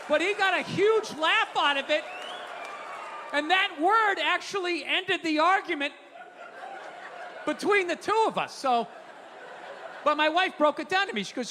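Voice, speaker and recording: A man's voice: very high voice, sharp tone. A male stand-up comedian on a stage mic, telling profane, ranting stories in his own routine. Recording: reverberant hall with faint room noise.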